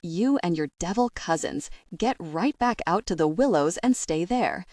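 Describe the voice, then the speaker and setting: Woman reading a nasty young guy, raw and spiteful, lowish voice. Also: animated, a little slow, darkish tone, no echo, studio quality, distant mic. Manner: nasty, spitting. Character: hostile young man, raw with fear.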